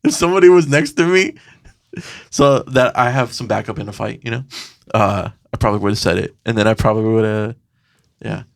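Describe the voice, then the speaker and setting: A man's voice: on the low side, a little fast, vocal fry. A man co-hosting a podcast, telling a story in casual chat, swearing a lot and acting out the voices of the people in it. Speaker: podcast co-host.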